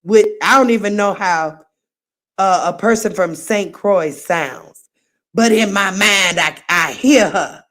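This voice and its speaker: A middle-aged woman hosting a livestream, chatting casually with viewers in an animated, playful way and often laughing at herself. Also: mid-range voice, slow pace. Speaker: livestream host. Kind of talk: casual chat reacting to viewer comments.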